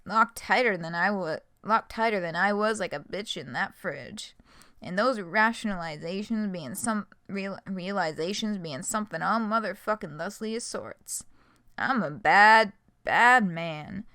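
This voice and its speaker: A woman's voice: medium pitch, unhurried, pushed and bright, no room sound, studio quality. A woman voicing a crude male troll clown who rambles through a swearing, sobbing confession while reading a web comic aloud on stream. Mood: sobbing, confessional.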